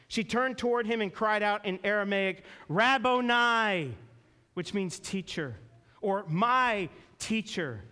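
High-voiced preaching man. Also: fairly even intonation, a bit bright, clean tone. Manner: earnest storytelling, slowing and dropping low for emphasis. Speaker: pastor. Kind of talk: sermon.

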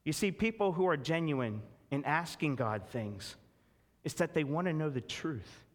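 A man's voice: a little high, expressive, measured pace, big-room sound. A man preaching a sermon, reading scripture aloud and then explaining it with rising emphasis. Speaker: pastor.

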